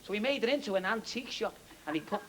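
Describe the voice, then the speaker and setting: A man's voice: high voice, expressive, rapid-fire. A man telling a rambling joke on stage, chuckling at his own story. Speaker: stand-up comedian. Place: live comedy venue. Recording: noisy live recording with loud crowd.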